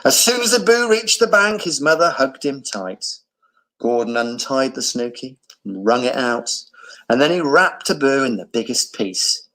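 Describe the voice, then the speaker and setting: A male teacher reading a children's picture book aloud, with expressive storytelling. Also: mid-range voice, normal speed, low-quality recording.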